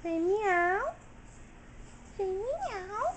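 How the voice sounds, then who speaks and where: A woman voicing a small, cheerful toy kitty that meows in a high, squeaky voice. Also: very animated, drawn-out words, background noise, heavily acted. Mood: squeaky playful.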